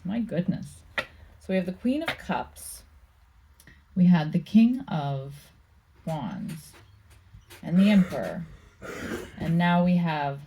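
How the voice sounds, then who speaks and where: A woman giving a casual tarot card reading, musing aloud slowly with many pauses and reading card meanings from a book. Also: deep voice, dark tone, slight background noise, rough recording. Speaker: tarot reader.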